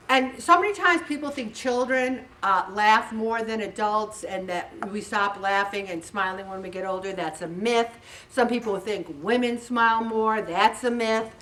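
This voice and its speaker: A woman's voice: on the high side, recorded from a distance. A woman in her sixties from Syracuse, New York, giving a casual inspirational talk to her group and acting out the people in her stories. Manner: lively storyteller, acts out dialogue. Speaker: weight loss group leader.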